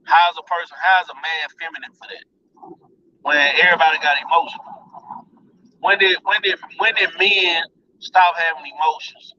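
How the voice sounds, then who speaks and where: A man's voice: on the high side, steady tone, moderate pace, pushed and bright, recorded from a distance, highs cut off, slight background noise. Blunt, profane man ranting. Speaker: vlogger. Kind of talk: casual rant to viewers.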